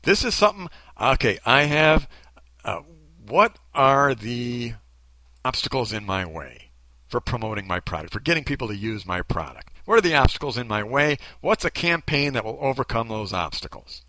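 Male commentator, mocking and emphatic, bright edge to the voice. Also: mid-range voice, lively intonation, moderate pace, dry recording. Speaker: commentator reacting to a video. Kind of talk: critical commentary.

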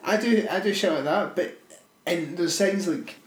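A Scottish man in his twenties co-hosting a casual podcast, swearing freely and telling dark jokes. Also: high voice, normal speed, reverberant, low-quality recording. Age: 20s. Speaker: podcast co-host.

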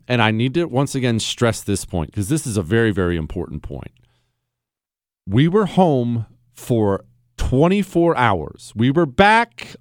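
A man's voice: medium pitch, no room sound, clean studio sound. A man hosting a talk radio show, telling stories in a blunt, sardonic monologue. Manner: animated storytelling, blunt and sardonic.

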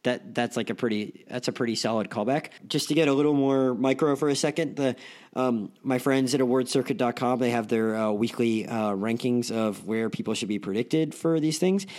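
A man's voice: mid-range voice, moderate pace, a little mellow. A young man hosting a casual film podcast, rambling with lots of fillers and restarts. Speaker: podcast host.

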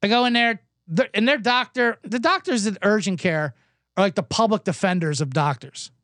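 A man's voice: high voice, normal speed, fairly bright tone, dry recording. A man hosting a podcast, telling a rambling, self-deprecating comedic story while he recovers from a cough. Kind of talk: comedic casual monologue. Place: indoors, Los Angeles.

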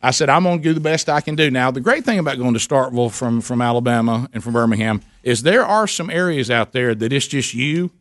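A middle-aged man hosts a talk radio show. He tells his story with lively animation and acts out each quoted line. The sound is dry and close, with no room around it. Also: quick pace, hardly any pauses, dry recording. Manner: animated storyteller, acting out quoted dialogue with big pitch jumps.

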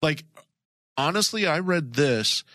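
A man's voice: fairly high pitch, expressive, slow pace, pushed and bright. Agreeable man co-host, dry sound. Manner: agreeable, echoes his partner, laughs easily. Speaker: podcast co-host. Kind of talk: casual podcast chat.

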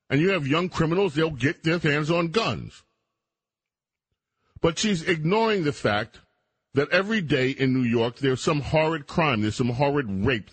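A man's voice: medium pitch, slightly rough, no echo. A middle-aged man hosting a radio talk show, giving opinionated, emphatic commentary with mocking asides.

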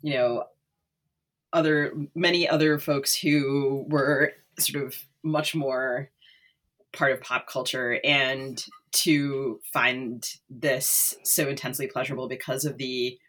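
Husky-voiced woman discussing a book. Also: rumbling low, steady tone, slow, a bit bright. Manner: thoughtful, hesitant, many fillers. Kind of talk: casual book chat.

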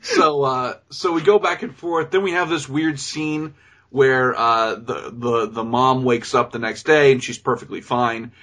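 A man's voice: medium pitch, a little slow. A man co-hosting a podcast, chatting casually about a bad movie and laughing as he acts out its scenes. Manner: animated, profane, laughing, acts out scenes in quoted voices. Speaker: podcast co-host. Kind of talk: casual movie-review chat.

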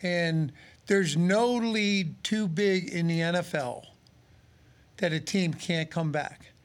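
This man in his sixties has a high-pitched voice and speaks slowly. A former pro football player and radio analyst, he chats casually about the game, telling stories and animatedly acting out quotes.

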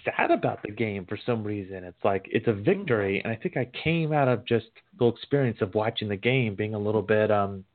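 A man's voice: on the low side, animated, brisk, hardly any pauses. A man co-hosting a sports podcast, talking in a rambling way with lots of fillers. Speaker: podcast co-host. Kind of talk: casual chat. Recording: phone-like line.

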